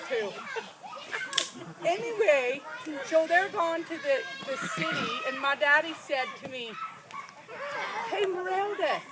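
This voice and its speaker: A woman playing a folksy, plainspoken rural storyteller, telling a comic tale with drawling, giggling asides. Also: high voice. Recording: noisy recording.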